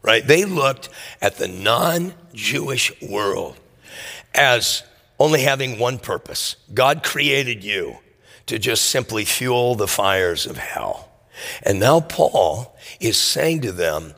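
Gravelly-voiced preacher in a reverberant hall. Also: male voice, mid-range voice, slow pace. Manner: animated storytelling, acts out voices. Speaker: pastor. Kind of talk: sermon.

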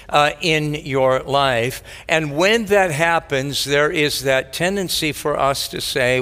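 Bright-voiced man preaching in a reverberant hall. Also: takes it slowly. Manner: expressive preaching, swinging from loud high peaks to soft low asides. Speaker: pastor. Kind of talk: sermon.

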